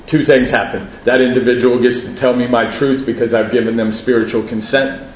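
A man's voice: medium pitch, level tone, fairly quick, few pauses, reverberant, slight background noise, rough recording. A man giving a personal share at a recovery meeting, conversational, often asking "right?" and laughing at himself.

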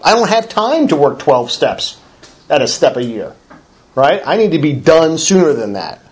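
Fairly high-voiced middle-aged man telling his story. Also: sing-song, moderate pace, a little hiss or hum. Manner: conversational storytelling with frequent restarts; wry self-deprecating humor. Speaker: recovery meeting speaker. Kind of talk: personal recovery talk.

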